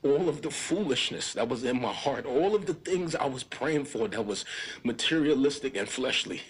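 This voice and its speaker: A man's voice: mid-range voice, lively intonation, moderate pace, slightly rough. A man, a pastor, talking in a casual interview, earnest and informal, often building into impassioned preacher-like appeals. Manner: informal, keeps calling the listener "bro". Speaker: pastor, podcast guest. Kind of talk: casual conversation.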